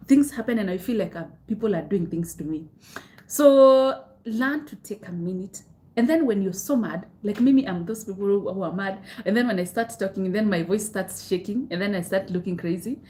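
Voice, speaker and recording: A woman's voice: mid-range voice, warm tone. A young Kenyan woman hosting a live self-help stream, answering viewers' comments candidly and repeating her advice, with Swahili phrases mixed in.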